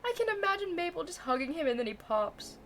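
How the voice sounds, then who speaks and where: Lively, giggly young woman streamer. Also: extremely high pitch, fast talker, a little hiss or hum. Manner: playful, giggly, swears freely. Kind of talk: casual chat and reading fan fiction aloud.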